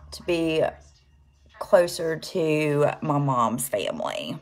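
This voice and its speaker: A woman's voice: sits low, expressive, takes it slowly, soft background music. A woman with a Southern US accent chatting casually on a makeup livestream, greeting viewers and rambling with fillers while she works. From American South.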